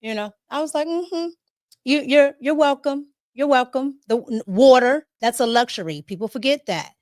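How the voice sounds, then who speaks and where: High-voiced animated woman host. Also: normal speed, dry recording, clean studio sound. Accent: DC area. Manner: animated, laughing, talks to chat. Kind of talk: casual political commentary livestream.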